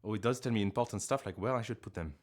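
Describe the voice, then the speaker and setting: His pitch is fairly low and he races through his words while chatting on a live stream in his living room. The talk is rambling and self-mocking, broken by abrupt loud outbursts.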